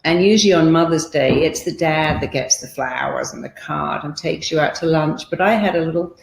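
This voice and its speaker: A woman's voice: low voice, normal speed, vocal fry, a little hiss or hum. A middle-aged woman giving an emphatic motivational talk, acting out quoted voices as she coaches. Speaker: therapist and motivational speaker. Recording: roomy echo.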